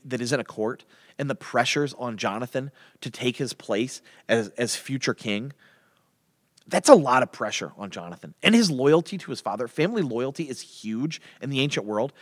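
Animated man teaching the Bible. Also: mid-range voice, moderate pace, no room sound, studio quality, big-room sound. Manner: animated, restarts and repeats words.

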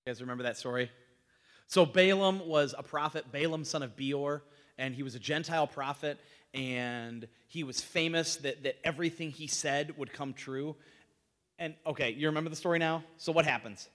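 A man with a fairly high voice teaches a Bible class in a relaxed, conversational way. He quizzes his listeners and acts out the quoted lines as he retells the story. His voice rings with a long reverb, as if he is in a large hall. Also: moderate pace. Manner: conversational, asks the group questions, retells scenes with lively voiced quotes.

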